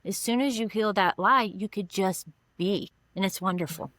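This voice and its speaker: A woman's voice: medium pitch, normal speed, a bit bright, no room sound. A woman counselor being interviewed on a podcast, explaining earnestly with examples from her own life. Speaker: mental health counselor.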